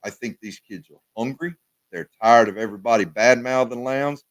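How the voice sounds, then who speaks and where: A man co-hosting a casual sports talk show, animated and often repeating his words. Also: medium pitch, moderate pace, dry recording.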